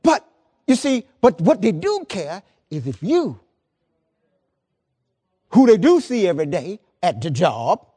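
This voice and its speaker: A man's voice: high-pitched, wildly swooping pitch, a little slow, pauses often, mellow, breathy edge. A man preaching a sermon as pastor, emphatic and colloquial, repeating words and pressing his points to the congregation. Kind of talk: lively sermon.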